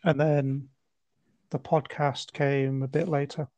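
A man hosting a podcast, asking open questions in a relaxed, informal chat. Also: mid-range voice, takes it slowly, dry recording. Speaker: podcast host. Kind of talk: casual interview chat.

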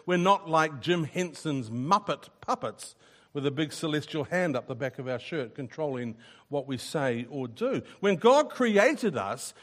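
A man preaching a sermon, earnest and emphatic, often repeating a word as he starts a sentence. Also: on the high side. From New Zealand.

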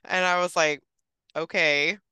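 Chatty woman with a bright, clear voice. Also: deep voice, a little slow, no echo. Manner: chatty, quotes others animatedly, laughs often. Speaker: podcast guest. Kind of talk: casual storytelling.

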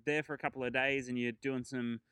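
A man's voice: mid-range voice, level tone, a little fast, sharp tone, smooth, no room sound, rough recording. A man hosting a travel podcast, chatting casually and rambling through his trip stories with fillers and chuckles.

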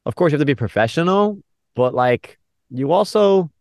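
A man's voice: fairly high pitch, expressive, normal speed, gravelly, darkish tone, no echo, studio quality. A man who co-hosts a casual podcast, an easygoing listener who agrees and chimes in. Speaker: podcast co-host, father.

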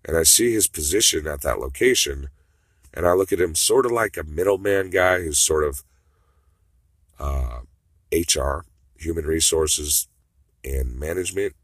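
A man's voice: a bass voice, lively intonation, measured pace, long pauses, dry recording. A man talking in a rambling, profane monologue that swings between mutters and outbursts.

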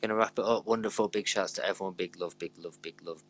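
Bloke hosting a podcast, deep gravelly voice, jokey and rambling, faint hum. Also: male voice, fairly even intonation, quick pace. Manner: joking, rambling. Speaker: podcast co-host. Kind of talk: casual chat.

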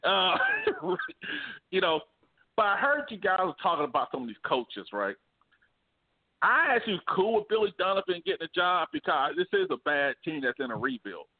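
High-pitched man, sports talk co-host, lively and slangy, heard over a phone-like call. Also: normal speed. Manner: animated, laughs often, slangy. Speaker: podcast co-host. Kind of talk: casual sports debate. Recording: phone-like remote call audio.

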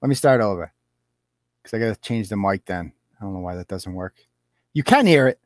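A man hosts a casual commentary stream over clips, sarcastic and mocking and often laughing. His fairly low voice is expressive and fairly quick, recorded on a computer mic with clean studio sound and no room sound.

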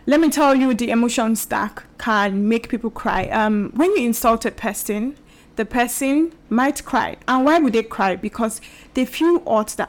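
A woman's voice: on the high side, moderate pace. A young woman hosting her own show, talking casually and chattily to her viewers, with fillers and the odd laugh. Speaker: podcast and video host. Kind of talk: casual solo talk to camera.

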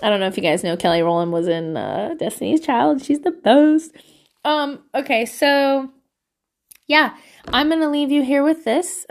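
A woman, a mother, talks straight to her viewers about raising kids. Her voice sits a little high and bright, and she is loose and candid, breaking into laughter and dropping the odd swear word. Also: gravelly. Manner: chatty and candid, laughs often, swears casually. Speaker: parent sharing advice. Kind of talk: casual parenting vlog monologue.

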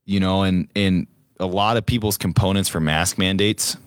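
A man's voice: deep voice, fairly even intonation, normal speed, no echo, studio quality. A man co-hosting a casual political talk show, emphatic and repetitive, with many fillers. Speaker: podcast co-host.

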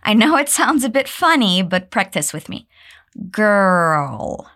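A woman teaching an English pronunciation lesson, drilling phrases for learners to repeat and praising them warmly. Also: sing-song, normal speed. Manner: encouraging, drills repetition, pitch leaps on praise.

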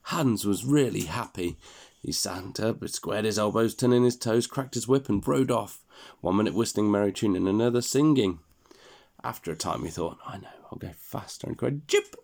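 A man reading a fairy tale aloud to a child in a relaxed, chatty way, stopping to explain and laugh. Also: fairly low pitch, moderate pace, gravelly.

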